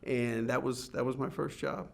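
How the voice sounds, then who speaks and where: A man recounts his career as an interview guest. His delivery is animated and casual, and he breaks into laughter often. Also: mid-range voice, moderate pace, creaky. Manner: animated, laughs often while telling stories. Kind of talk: casual storytelling.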